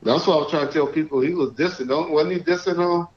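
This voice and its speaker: Man, livestream host, casual shout-outs, voice a touch high, muffled lo-fi sound. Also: fast talker. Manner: relaxed, reads out viewer shout-outs. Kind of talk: casual live-stream chat. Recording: echoey, dull lo-fi stream audio.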